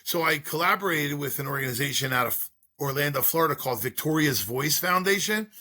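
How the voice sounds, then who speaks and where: A man's voice: a little high, lively intonation, brisk, pushed and bright. A middle-aged man, a school drug-prevention speaker, telling his story in an interview with earnest, repetitive rhetorical questions.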